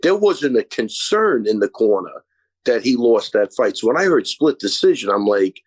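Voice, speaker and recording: A man's voice: mid-range voice, big pitch swings, moderate pace, slightly rough, no room sound. A man, an MMA coach who is a guest on a podcast, talking casually in a rambling, effusive way, restarting sentences and swearing freely.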